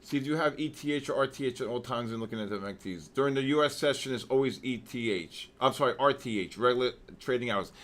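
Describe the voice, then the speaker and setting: A man hosting a live trading session, excitedly shouting out viewers' names with heavy market jargon, then dropping to weary muttering over questions. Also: fast, hardly any pauses. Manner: drops to low, weary muttering while reading questions. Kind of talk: live trading-stream commentary.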